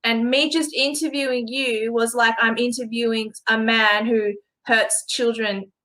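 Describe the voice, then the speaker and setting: A woman from Australia interviewing a guest in a casual way. She laughs easily, apologizes often and cuts in quickly. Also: a little high, steady tone, pushed and bright.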